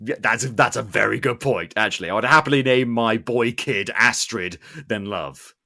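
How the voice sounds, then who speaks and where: A man's voice: mid-range voice, normal speed, vocal fry. Man hosting a casual film-review podcast. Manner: animated, sarcastic asides. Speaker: podcast host.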